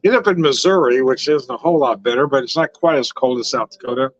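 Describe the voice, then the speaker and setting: A fast-talking older wine vlogger from Southern California speaks in a mid-range voice, captured in a dry, dull recording at home. On his casual livestream he rambles, laughs frequently, and lets a curse slip here and there.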